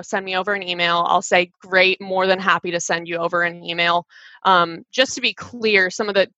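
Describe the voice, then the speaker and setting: A woman guest talking fast and animatedly about sales calls, with many restarts. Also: medium pitch, sharp tone, no echo. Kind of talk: casual interview chat. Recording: dull dry sound.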